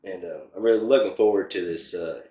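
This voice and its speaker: Deep-voiced young man, rambling. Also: a little fast, roomy sound, dull audio. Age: young adult. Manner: rambling, heavy filler words. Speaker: interview guest. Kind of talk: casual interview.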